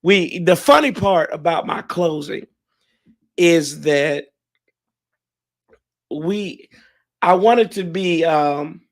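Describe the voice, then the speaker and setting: A man hosting a fan livestream, hoarse and emotional, thanking his viewers in a rambling, heartfelt way with many restarts. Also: on the high side, animated, drawn-out words, long pauses. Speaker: fan show host.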